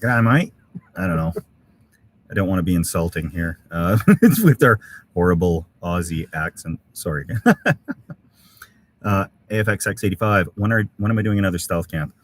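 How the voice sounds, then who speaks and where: A middle-aged man hosts a casual live stream from an outdoor winter campsite in severe cold, reading viewer comments and thanking people with lots of uhs and ums. His voice is low-pitched and moves at a moderate pace.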